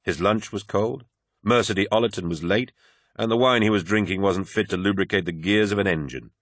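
Male audiobook narrator, deep voice, husky, expressive, dry close mic. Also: fairly quick, no echo. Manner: expressive storytelling. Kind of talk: scripted narration.

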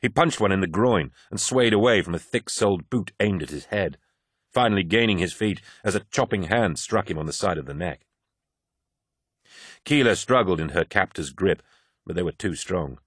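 A man narrating a science-fiction audiobook in a steady, measured way. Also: sits low, no echo, clean studio sound. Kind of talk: scripted narration.

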